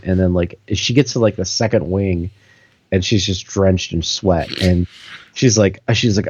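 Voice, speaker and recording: Rambling man with a low, dull voice. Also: moderate pace, a little mellow, no room sound. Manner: rambling storyteller, many fillers. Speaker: podcast co-host. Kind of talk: casual chat.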